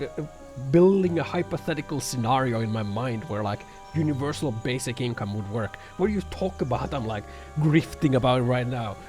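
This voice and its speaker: A man with a medium-pitched, slightly mellow voice streams from home to background music, reacting to viewer comments. His chat is casual, sarcastic, profane and rambling, thick with filler words.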